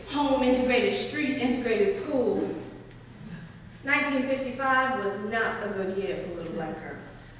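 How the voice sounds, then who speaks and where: A woman performing a theatrical dramatic monologue in an art gallery, telling the story in lively vernacular speech and laughing between lines. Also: on the high side. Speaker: stage performer. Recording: echoey gallery hall, far-off mic, faint room noise.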